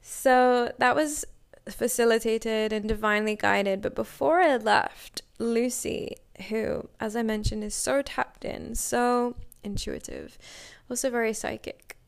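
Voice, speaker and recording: A woman's voice: on the high side, fairly even intonation, unhurried, gravelly, clean tone. A young adult woman casually telling a personal story, chatty and full of "like," acting out what people said to her. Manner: chatty, many "like" fillers, acts out quoted dialogue.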